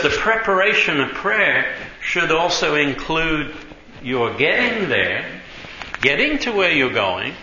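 Bright-voiced man preaching in an echoey hall. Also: on the high side. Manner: conversational, tag questions like "you know" and "right"; laughs while telling stories. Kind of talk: sermon storytelling. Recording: roomy, dull, faint noise.

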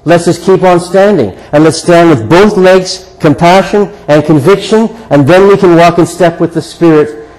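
An older man delivers a sermon in a slightly higher-pitched voice. His preaching is earnest and conversational and leans on repeated rhetorical questions. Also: moderate pace, a little mellow, rough recording. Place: church sanctuary before a congregation.

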